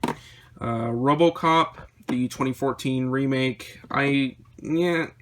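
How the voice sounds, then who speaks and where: A man vlogging about his movie collection, rambling through titles with quick opinions, his voice a little worn. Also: mid-range voice, a bit bright, slight background noise. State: slightly losing his voice. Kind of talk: casual chat showing a collection.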